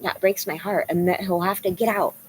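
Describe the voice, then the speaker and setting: A woman's voice: on the low side, fairly even intonation, brisk, a little hiss or hum, poor audio. A woman around forty-two, tearful and candid, rambling in a casual vlog with some swearing. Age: 40s. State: crying. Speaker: vlogger. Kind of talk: emotional casual vlog talk, reading chat.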